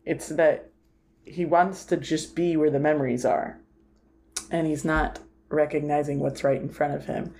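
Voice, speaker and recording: A woman's voice: low voice, flat delivery, unhurried, a little mellow. A woman co-hosting a podcast, chatting casually about a film and retelling its scenes with lots of "like" fillers. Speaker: podcast co-host.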